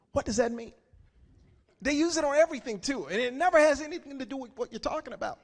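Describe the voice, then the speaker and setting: A stand-up comedian in his forties with a strikingly high voice for a man. He tells his stories with animation, slipping in and out of the characters he describes. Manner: animated storytelling, acting out characters.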